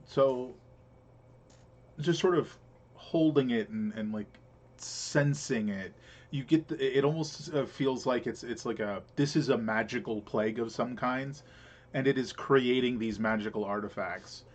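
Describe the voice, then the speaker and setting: A man's voice: mid-range voice, measured pace. A man narrating as game master for a tabletop game, rambling with many fillers and restarts.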